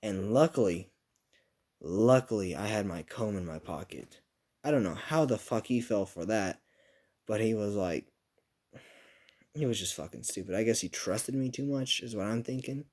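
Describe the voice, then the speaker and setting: A man's voice: on the low side, expressive, normal speed, a little mellow. A young man telling a rambling, profane, self-mocking story about his school days in a casual vlog.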